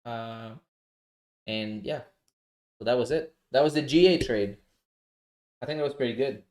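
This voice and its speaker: A man with a non-native English accent, coaching viewers through trades in a relaxed, casual livestream and often checking in with "right?". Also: medium pitch, a little slow. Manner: relaxed, explanatory, often adds "right?" and "you know?". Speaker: forex trading coach. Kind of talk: casual live trading walkthrough.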